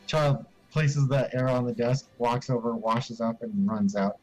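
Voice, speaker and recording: A man's voice: mid-range voice, flat delivery, a little slow, few pauses, faint music behind, low-quality recording. A man narrating as game master of a tabletop game, in a loose, offhand way.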